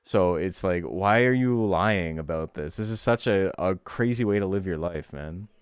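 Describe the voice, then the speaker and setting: A man's voice: low voice, normal speed, clean tone, dry recording, clean studio sound. A young man streaming a game, ranting sarcastically in casual chat, swearing and laughing often.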